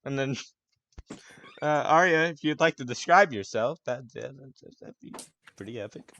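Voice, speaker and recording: Man, game master, tabletop game narration, casual, hesitant, swearing, mid pitch, dry close sound. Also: lively intonation, moderate pace, pushed and bright, dry recording, muffled recording.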